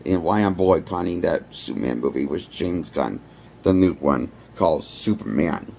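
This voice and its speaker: A man's voice: low voice, expressive, normal speed, gravelly, darkish tone. A man giving a rambling, blunt and profane movie review. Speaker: movie critic. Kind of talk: ranting film review.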